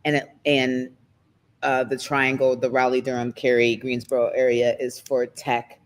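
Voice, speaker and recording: A woman, a guest talking candidly in an interview, emotional and close to tears, her pace speeding up and slowing down. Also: rumbling low. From United States. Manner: emotional, expressive, quick shifts in pace. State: near tears.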